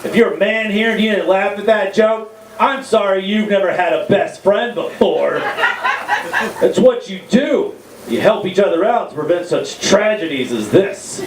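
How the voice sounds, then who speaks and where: A man's voice: sits high, animated, moderate pace, echoey room, distant mic, a crowd in the background, rough recording. A man doing a crude, rambling, self-mocking stand-up set into a stage mic at a live comedy venue. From Texas.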